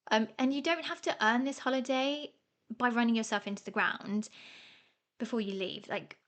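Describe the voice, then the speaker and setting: A woman's voice: a little high, moderate pace, a bit bright. A middle-aged woman hosting a podcast, talking casually and self-mockingly, often laughing. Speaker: podcast host. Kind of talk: casual solo podcast talk.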